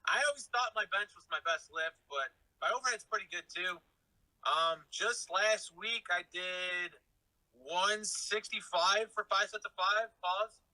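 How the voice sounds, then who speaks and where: A man's voice: high-pitched, a little slow, bright, forceful tone, poor audio. A man chatting on a casual live Q&A, blunt and laid-back, swearing freely. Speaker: fitness YouTuber guest on a live Q&A. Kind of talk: casual live-stream chat.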